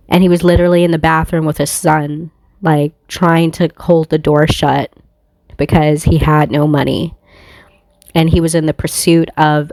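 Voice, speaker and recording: Low-voiced woman musing, rambling and profane. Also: a little mellow, no room sound, studio quality. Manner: rambling, profane, laughs often. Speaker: tarot reader. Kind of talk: casual spiritual monologue.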